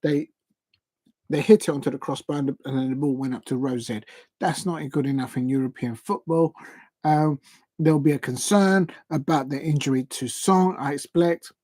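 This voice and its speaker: A man's voice: on the high side, steady tone, moderate pace, darkish tone, dry recording. A man hosting a live football watch-along stream, recapping the day's results in a chatty, rambling way and stumbling over player and club names.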